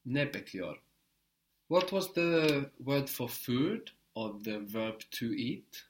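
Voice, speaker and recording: A man's voice: mid-range voice, lively intonation, slow pace, slight background noise. Patient male language teacher. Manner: patient, prompting with short praise. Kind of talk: language lesson drills.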